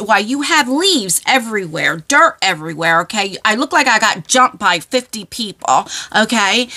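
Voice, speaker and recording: Animated woman telling a rambling story. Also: a little high. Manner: rambling, animated, lots of fillers and "okay?". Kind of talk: casual storytelling.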